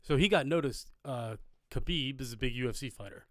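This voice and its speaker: A man co-hosting a podcast, rambling through stories with plenty of profanity. His voice sits at a middling pitch, and the sound is dry and close to the mic. It feels like relaxed, casual banter. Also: a little fast, dry recording. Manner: loose, rambling storyteller with lots of profanity. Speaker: podcast co-host. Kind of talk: casual chat. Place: live podcast recording.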